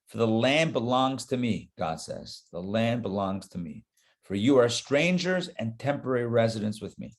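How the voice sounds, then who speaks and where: A man, a rabbi, teaching a live Torah class in an animated, conversational way, talking straight to his listeners. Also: medium pitch, moderate pace.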